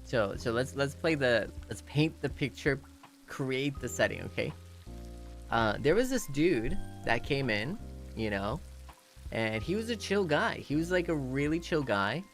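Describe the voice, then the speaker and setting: A man's voice: mid-range voice, a little slow, soft background music. A young man streaming, telling a rambling story in casual chat with lots of fillers and restarts. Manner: rambling, animated, lots of "you know" fillers and restarts, laughing at his own story.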